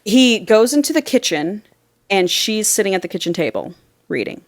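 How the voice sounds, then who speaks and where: A woman's voice: medium pitch, sing-song, normal speed. A woman co-hosting a podcast, recapping a book in casual chat, chatty and swearing freely. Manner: chatty storyteller, swears freely, acts out quotes. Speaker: podcast co-host.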